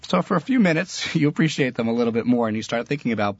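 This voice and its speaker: A man's voice: mid-range voice, lively intonation, fast talker, few pauses, no room sound. A middle-aged man giving a Jewish religious talk as a teacher, earnest and storytelling, with laughter slipping into his words. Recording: dull, lo-fi, dry recording.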